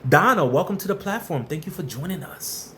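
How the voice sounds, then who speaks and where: High-pitched guy hosting a live stream, chatty, blunt tough-love advice, shouting out viewers. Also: animated, brisk, slight background noise. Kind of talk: casual live-stream chat.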